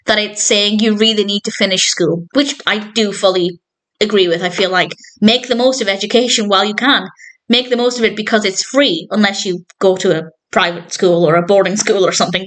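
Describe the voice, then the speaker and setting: Woman doing a chatty tv episode review, earnest, kinda moved by it, regular mid pitch. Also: a bit bright, rough recording. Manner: earnest and reflective, openly moved by what she describes. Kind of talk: casual spoken review.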